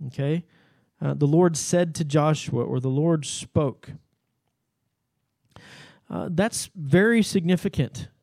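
A man with a somewhat high voice delivers a Bible teaching sermon. His tone is mellow and dark, and he explains the text patiently in a conversational way. The sound is dry and close. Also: unhurried, creaky, few pauses, no room sound. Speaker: pastor.

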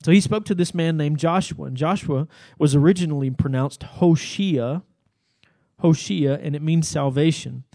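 A man's voice: a little high, moderate pace, vocal fry, mellow, no room sound. Conversational man teaching a sermon. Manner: explanatory, conversational with fillers. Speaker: pastor.

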